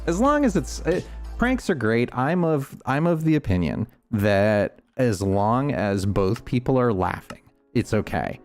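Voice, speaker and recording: A man's voice: mid-range voice, big pitch swings, a little slow, darkish tone, no room sound, soft background music. A man with a Northeastern US accent chatting casually while playing a game, talking in a rambling, thoughtful way with lots of restarts. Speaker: streamer. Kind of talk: casual gameplay chat.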